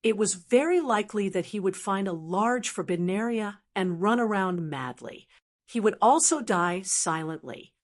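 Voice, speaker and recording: A woman narrating a fantasy audiobook in an even, steady reading voice. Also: medium pitch, moderate pace. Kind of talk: scripted narration.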